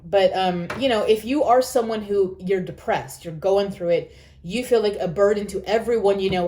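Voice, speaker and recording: Woman talking straight to camera, earnest and encouraging, repeats herself to drive it home, mid-pitched voice. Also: normal speed, mellow. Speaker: vlogger. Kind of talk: reflective personal talk.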